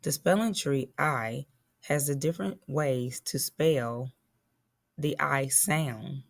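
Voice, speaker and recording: A woman's voice: very deep voice, takes it slowly, vocal fry. A woman teacher giving a phonics lesson to young children, patiently spelling and sounding out words.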